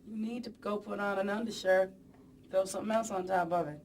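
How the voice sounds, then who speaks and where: A woman's voice: medium pitch, fairly even intonation, brisk, darkish tone, recorded from a distance, a little hiss or hum, natural voice. A woman putting on a bossy Southern grandma. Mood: scolding. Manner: blunt, fussing.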